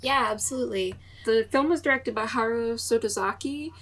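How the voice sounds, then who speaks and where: A woman's voice: on the high side, fairly quick, a bit bright. A woman co-hosting a podcast, giving production facts in a casual, informative way with offhand asides. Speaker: podcast co-host. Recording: voice a bit far from the mic.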